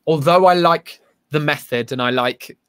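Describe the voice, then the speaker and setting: A man's voice: a little high, normal speed, fairly bright tone, smooth. A man, a stage actor, chatting casually in an interview, self-deprecating and full of restarts. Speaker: actor guest.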